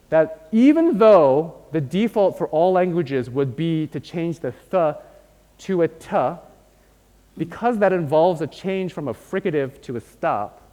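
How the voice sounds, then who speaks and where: A man's voice: fairly high pitch, mellow. A man giving a university lecture, explaining step by step and often checking in with "right?". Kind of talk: academic lecture. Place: lecture hall. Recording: long hall reverb.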